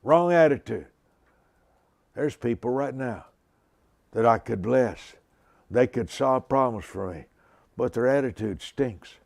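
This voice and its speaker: Slow-preaching man in his seventies. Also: medium pitch, creaky, a little mellow, dry recording, clean studio sound. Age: 70s. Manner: slow, emphatic preaching with repetition. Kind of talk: sermon.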